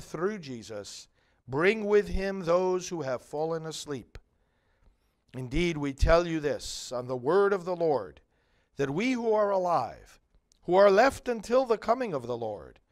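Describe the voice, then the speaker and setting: A middle-aged male priest reading scripture and preaching a homily in slow, measured, solemn phrases. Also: a little high.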